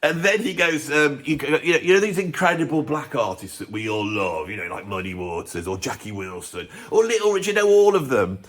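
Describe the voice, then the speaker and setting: A man's voice: mid-range voice, animated, a little fast, few pauses, a bit bright. A man hosting a music channel, ranting his blunt opinions in casual talk to camera with chuckling asides.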